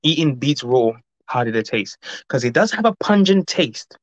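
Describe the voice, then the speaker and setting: A man hosting a casual livestream, reading out chat and greeting viewers by name, talking in a rambling, fast way. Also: mid-range voice, animated, dry recording. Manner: rambling, warm greetings, frequent laughs; fast-talking, says his mouth runs fast. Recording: dull lo-fi dry recording.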